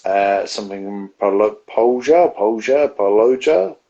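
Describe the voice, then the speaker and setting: Man, low husky voice, rambling casual livestream chat. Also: expressive, measured pace, mellow, muffled recording. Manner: rambling, self-interrupting storyteller. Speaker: co-host of a beer review show. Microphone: home setup on a live video stream.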